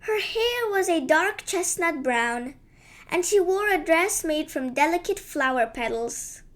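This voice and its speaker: High-voiced woman reading a kids bedtime story real slow, gentle and lilting. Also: lively intonation.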